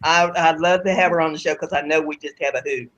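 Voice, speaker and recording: A woman's voice: deep voice, steady tone, fast, a bit bright, dull audio. A woman hosting a casual online talk show, speaking in a folksy, friendly way as she wraps up. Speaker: host. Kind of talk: casual chat.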